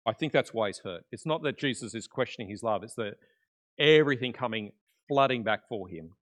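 A man preaching in a conversational way, retelling a Bible story with animated energy that drops to hushed tones at key moments. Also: mid-range voice, brisk. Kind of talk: conversational sermon.

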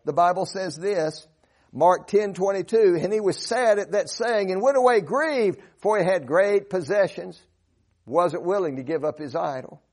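A man's voice: high voice, normal speed, a little mellow. A man preaching a sermon, earnest and emphatic, reciting scripture in old-fashioned wording.

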